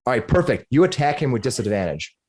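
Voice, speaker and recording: A man in the middle register runs a tabletop game as its dungeon master. He narrates with energy, lingering on the monsters' attacks. He sounds lively and engaged. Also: mid-range voice, quick pace. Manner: animated, narrates the monsters' actions with relish.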